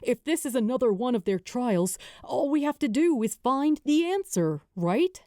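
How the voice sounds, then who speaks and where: A woman narrator plays a steady young man who talks in an easy, reassuring way. The voice is mellow and a little raised, recorded dry and close. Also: high-pitched, normal speed, no room sound, pitched above the performer's own voice. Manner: easygoing and reassuring. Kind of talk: audiobook character voice.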